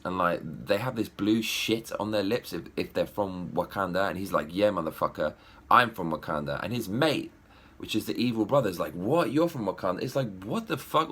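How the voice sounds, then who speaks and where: A young man giving a profane, animated ranting film review. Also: mid-range voice, husky. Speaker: movie reviewer.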